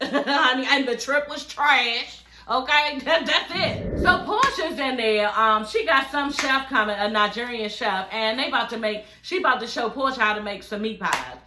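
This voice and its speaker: A woman giving a brash, profane, animated recap of a reality show from her living room. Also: on the high side, normal speed, few pauses, noisy background. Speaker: recap vlogger. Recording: echoey room.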